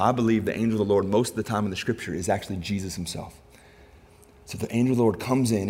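A man preaching a sermon, swinging between soft, intimate passages and loud, high-pitched emphasis.

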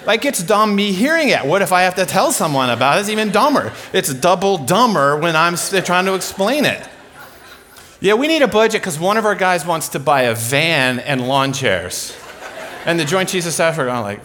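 A man's voice: a little high, sing-song, brisk, fairly bright tone. A man preaching a sermon, telling comic stories with lots of laughter. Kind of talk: sermon storytelling.

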